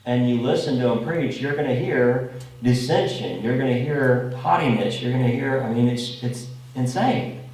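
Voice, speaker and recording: Preacher in a very echoey room. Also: male voice, mid-range voice, a little mellow, distant mic. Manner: informal, asks the congregation "okay?" often. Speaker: pastor. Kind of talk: conversational sermon. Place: congregation meeting room.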